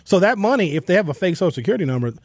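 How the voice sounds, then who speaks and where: A man's voice: high-pitched, big pitch swings, very fast, dry recording, studio quality. A man hosting a call-in radio show who lectures his listeners directly in casual slang. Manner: preachy, talks straight to listeners, casual slang. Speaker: radio talk show host. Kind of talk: opinionated call-in radio monologue. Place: radio studio.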